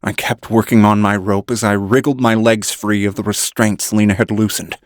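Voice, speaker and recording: A man reading an audiobook in measured first-person narration. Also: lowish voice, little pitch movement, no echo, studio quality.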